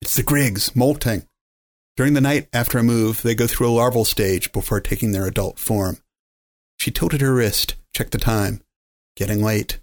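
A man narrating a story in a measured, even way, reading the characters' lines as well. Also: lowish voice. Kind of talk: scripted audiobook narration.

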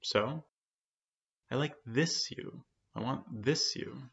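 A man reading the lines of a tender young woman who pleads softly with her lover, in a soft, earnest, often hushed manner. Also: mid-range voice, slow, gravelly, pitched above the performer's own voice. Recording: dull lo-fi sound.

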